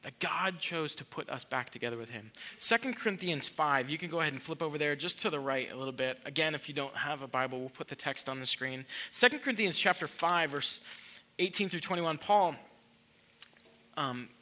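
A pastor delivers a sermon in a church, pressing his points with earnest emphasis. His voice is bright and forward, sitting a little high for a man. He often repeats a word before pushing on. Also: fairly quick.

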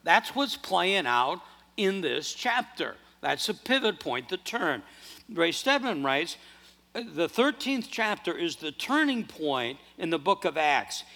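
Lively, bright-voiced male preacher. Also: high voice, slow pace, vocal fry. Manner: animated, earnest preaching with restarts. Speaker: pastor. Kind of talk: sermon. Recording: long hall reverb.

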